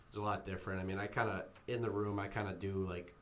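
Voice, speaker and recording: A teenage athlete answering interview questions, quiet and hesitant with many ums. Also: male voice, deep voice, steady tone, fast talker, a little hiss or hum. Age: teens. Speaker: guest athlete.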